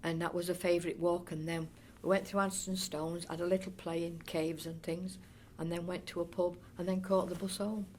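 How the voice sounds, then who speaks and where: An older woman from the North East Derbyshire area of England reminisces as an oral history interviewee, chatty and rambling, with frequent restarts and fond asides. Her voice is on the low side and darkish, with little pitch movement, and she speaks briskly with hardly any pauses. A little hiss or hum is audible.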